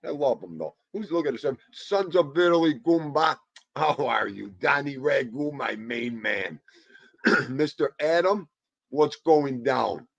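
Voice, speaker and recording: A man hosting a livestream, rambling excitably and greeting viewers by name. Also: fairly high pitch, measured pace, vocal fry, no room sound, muffled recording. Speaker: livestream host. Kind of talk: casual chat.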